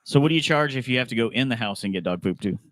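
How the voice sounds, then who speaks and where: Bright-voiced joking man host. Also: mid-range voice, expressive, very fast. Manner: joking, laughs often, trails off. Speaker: podcast host. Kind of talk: casual chat.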